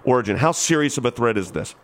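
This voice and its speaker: A man's voice: medium pitch, expressive, quick pace, a bit bright, slight background noise. A man hosting a radio call-in talk show, making urgent, emphatic appeals to his listeners.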